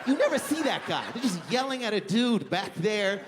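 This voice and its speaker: A young man from Canada performing stand-up on a comedy club stage. He rambles and mocks himself, stuffing every sentence with fillers, in a fairly high voice. His handheld mic picks up a long hall reverb and faint room noise. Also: expressive, moderate pace, crowd noise. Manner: rambling, lots of "like", self-deprecating.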